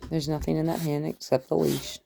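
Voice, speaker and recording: A woman dog trainer who gives calm, firm commands to a dog and explains each step to the viewer. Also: low-pitched, fairly quick, creaky, slight background noise. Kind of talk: dog training lesson, talking to camera and dog.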